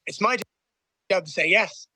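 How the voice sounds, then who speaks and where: Confident man with a bright voice. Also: sits high, normal speed, breathy edge, no echo. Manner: confident, eager. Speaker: fighter interviewed. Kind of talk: interview.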